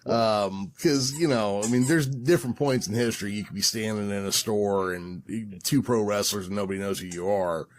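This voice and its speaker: Male podcast co-host, easygoing conversational delivery, lower voice. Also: moderate pace, hardly any pauses. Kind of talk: casual chat.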